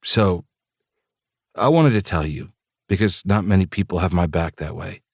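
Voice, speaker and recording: An earnest, modest young man of eighteen, grateful and a little shy, as a male narrator plays him. He speaks in a low voice, close and dry, as in a storybook reading. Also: normal speed, creaky, breathy edge, no echo, full character voice.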